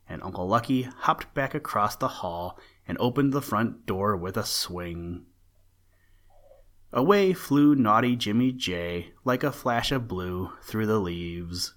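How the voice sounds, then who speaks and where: A man narrating an old-fashioned children's storybook in a gentle storytelling manner. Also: fairly low pitch, expressive, slow.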